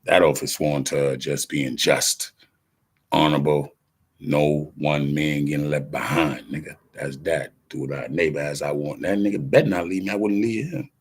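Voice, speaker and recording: A rapper talks to the camera in a bass voice at a moderate pace, with a breathy edge. His monologue is casual and rambling, full of profane street slang, and he's animated, jumping from topic to topic and acting out what other people said.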